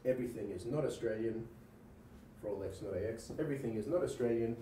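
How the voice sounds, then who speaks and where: Speaking fast in a mid-range, dark-toned voice, this man works through examples in a university logic lecture, checking in with "right?" among his fillers. Slight background noise is present. He sounds far from the mic, with roomy echo and faint ambience.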